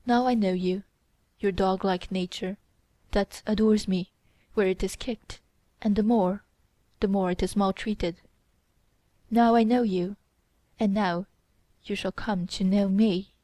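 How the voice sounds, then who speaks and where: Cold, contemptuous young mistress read by a woman, commanding tone, mid-pitched, dry booth sound. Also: steady tone, a little slow, pauses often, mellow, no echo, lightly acted. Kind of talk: audiobook character reading.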